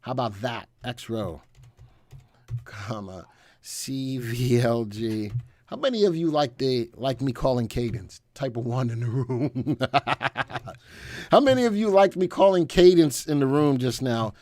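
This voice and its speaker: A middle-aged man hosts a casual live stream about stocks. His pitch sits in an ordinary middle range. He sounds upbeat and jokey as he talks to his viewers, and the recording is dry with little room echo. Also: lively intonation, measured pace, darkish tone. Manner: upbeat and joking, chatting with viewers.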